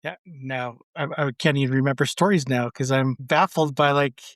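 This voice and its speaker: A man's voice: medium pitch, moderate pace, a bit bright, no echo. Guy on a podcast saying yeah, totally, short eager bits, dry close mic. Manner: short agreeing interjections, enthusiastic. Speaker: podcast co-speaker. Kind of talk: casual podcast conversation.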